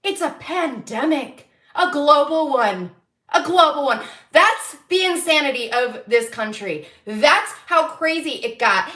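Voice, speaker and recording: A high-pitched woman with a bright, sharp tone, doing a livestreamed tarot reading. She vents angrily, swearing freely and breaking into laughter, at an unhurried pace. Her voice rings in an echoey room. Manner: angry, profane venting broken by laughter. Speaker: tarot reader.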